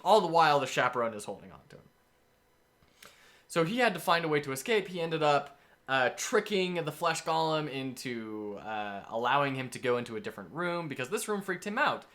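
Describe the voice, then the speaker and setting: Male game master, casual and enthusiastic, rambles through his scenario with a bright voice. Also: a little high, big pitch swings, fairly quick. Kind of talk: casual game-prep talk.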